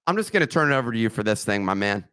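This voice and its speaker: A man's voice: fairly low pitch, sing-song, rapid-fire, fairly bright tone, clear, resonant tone, no room sound. A man hosting a podcast, reading a sponsor ad with joking asides and slips of the tongue. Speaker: podcast host. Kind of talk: casual podcast chat with ad read.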